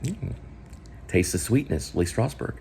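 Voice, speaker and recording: A man vlogging about acting technique, rambling and asking the viewer quick questions. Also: lowish voice, animated, darkish tone, slight background noise. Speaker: vlogger and actor teaching acting. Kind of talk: casual acting talk to camera.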